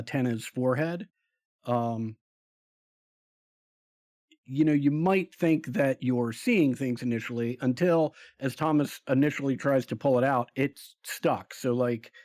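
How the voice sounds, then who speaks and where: Man, game master, slow deliberate narration with fillers. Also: medium pitch, a little mellow, no echo, studio quality. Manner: unhurried, hesitant, many fillers.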